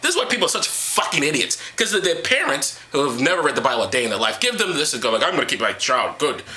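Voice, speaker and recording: A man's voice: a little high, big pitch swings, quick pace, bright, forceful tone. A man reading Bible passages aloud and mocking them with profane, sarcastic rants. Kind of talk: sarcastic comedic Bible commentary.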